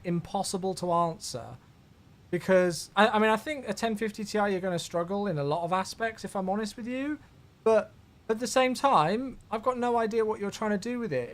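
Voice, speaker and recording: Animated high-voiced man streaming. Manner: rambling, chatty, answers viewer questions. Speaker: flight sim streamer. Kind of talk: casual live-stream chat.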